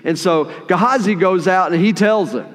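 A man preaching a sermon in a conversational, animated way, with playful asides while retelling a story. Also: high voice, moderate pace, in a large hall. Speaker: pastor.

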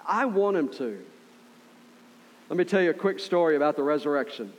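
Male pastor, middle-aged, somewhat high voice, casual earnest sermon delivery. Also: animated, moderate pace. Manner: conversational and earnest, with frequent "right?" asides.

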